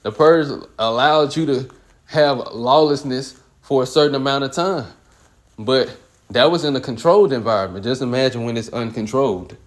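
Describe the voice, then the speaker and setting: A man leading a casual Bible study, reading verses at a measured, deliberate pace. Between readings he drops into loose everyday slang to explain what they mean. His voice sits at an ordinary middle pitch. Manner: slow and deliberate when reading scripture. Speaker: Bible teacher. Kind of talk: casual scripture reading and commentary.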